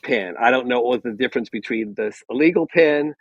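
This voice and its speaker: A man, a podcast guest, telling relaxed anecdotes with small chuckles in casual chat. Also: medium pitch, fairly quick, no echo. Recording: dry, dull lo-fi sound.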